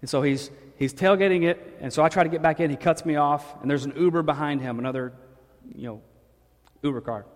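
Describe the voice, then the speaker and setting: A pastor preaching from the pulpit of a church, spinning a funny personal story with lively, joking energy. His voice sits a bit high for a man. A long hall echo trails after his words. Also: brisk. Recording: echoey hall.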